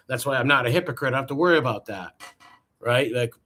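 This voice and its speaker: A man's voice: mid-range voice, expressive, fairly quick, pushed and bright, slight background noise. A man giving mocking, profane reaction commentary, scoffing at a clip. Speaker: commentary host.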